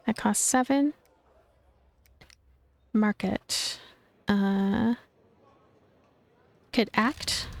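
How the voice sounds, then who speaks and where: A woman's voice: on the high side, creaky, darkish tone, no echo. Woman narrating a game playthrough. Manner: casual, reading text aloud with asides. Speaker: gaming streamer.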